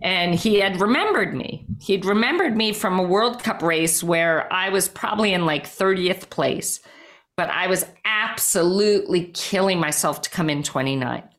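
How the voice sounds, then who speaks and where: A middle-aged woman with a somewhat low-pitched voice tells a story as an interview guest. She speaks emphatically and lively, scattering "like" through her sentences and acting out her own thoughts. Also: normal speed. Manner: emphatic, lots of "like" and quoted self-talk. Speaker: guest, former triathlete and life coach. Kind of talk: animated personal storytelling.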